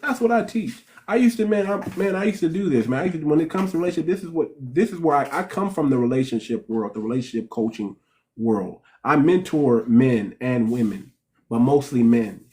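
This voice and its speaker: A man's voice: mid-range voice, expressive, a little fast, warm tone. A man in the middle of the usual range for a man's voice hosts a casual livestream as a relationship coach. He speaks bluntly and to the point, stumbling and restarting his sentences and repeating words as he goes. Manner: direct, repetitive, restarts sentences.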